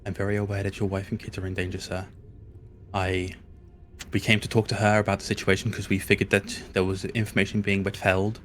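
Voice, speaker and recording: Brief: male player, lowish voice, polite and measured. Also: completely flat delivery, a bit bright, soft background music. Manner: polite, measured in-character speech. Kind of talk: playing a tabletop game.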